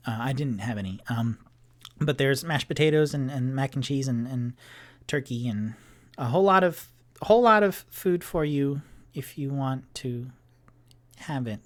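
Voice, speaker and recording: A man voicing Tipsy, a nervous young male helper who stammers and rushes his words. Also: medium pitch, animated, lightly acted.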